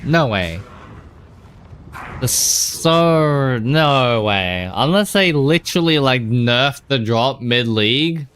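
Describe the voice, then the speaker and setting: A man's voice: mid-range voice, expressive, takes it slowly, fairly bright tone, clean tone. Drowsy, rambling male game streamer. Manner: rambling, sleepy and swearing, with many fillers. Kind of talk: casual live-stream commentary.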